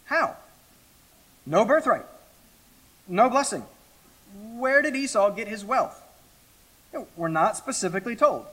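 A middle-aged man preaches verse by verse, his somewhat high, bright voice leaning hard on key words. He swings between loud emphasis and hushed, slowed phrases, with dramatic pauses. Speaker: pastor. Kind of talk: expository sermon.

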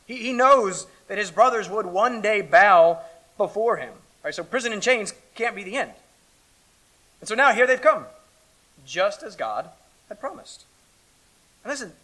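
A man preaching a sermon, reading scripture aloud and then explaining it conversationally, with big swings between loud emphasis and hushed asides. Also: high-pitched. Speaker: pastor.

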